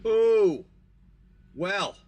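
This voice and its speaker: A man's voice: high voice, expressive, extremely slow, a little mellow. A man hosting a live stream, chatty and rambling as he narrates a tabletop game and opens card packs. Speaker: game master and card-break host.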